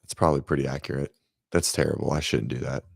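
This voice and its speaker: A man hosts a relaxed morning livestream from his home setup, greeting viewers and rambling between topics into a desk microphone. His voice sits extremely low with a gravelly edge. The sound is dry and close, with no room echo. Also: fast talker. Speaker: fitness livestream host. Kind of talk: casual morning livestream chat.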